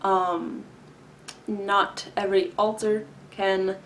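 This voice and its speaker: Woman vlogger, unhurried and carefully enunciated, mid-pitched, pauses often, fills gaps with ums and throat-clearing. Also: very animated. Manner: deliberate, enunciated, with long pauses; frequent filler words and throat-clearing. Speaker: vlogger answering viewer questions. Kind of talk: casual explanatory talk to camera.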